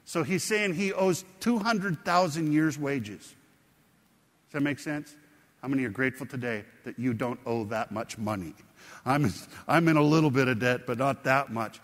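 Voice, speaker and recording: A man's voice: medium pitch, fairly bright tone, big-room sound. A man preaching a sermon, explaining a scripture story in a conversational way and putting questions to his congregation. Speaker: pastor.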